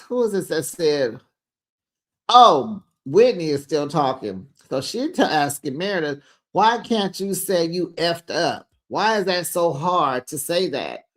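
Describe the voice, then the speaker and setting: A man's voice: on the high side, a bit bright. A man hosting a casual reality TV recap, chatty and gossipy, acting out the cast's lines with sass. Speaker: host.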